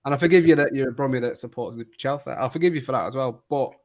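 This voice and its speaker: A man hosting a casual kit-ranking chat, jokey and quick to laugh. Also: mid-range voice. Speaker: podcast host.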